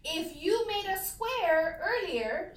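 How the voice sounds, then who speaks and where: A woman's voice: very high voice, expressive, takes it slowly. A woman teacher leading a classroom lesson, asking questions and encouraging her pupils. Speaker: elementary school teacher. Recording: echoey classroom, mic far off.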